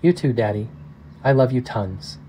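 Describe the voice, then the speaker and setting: A man reading aloud, voicing a quiet, affectionate young daughter. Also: medium pitch, lively intonation, moderate pace, a little hiss or hum, natural voice.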